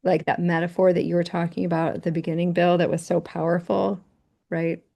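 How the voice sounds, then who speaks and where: Gravelly low woman in a workshop chat. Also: level tone, brisk, mellow. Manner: chatty, quotes text, asks others in. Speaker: writing workshop participant. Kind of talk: casual discussion.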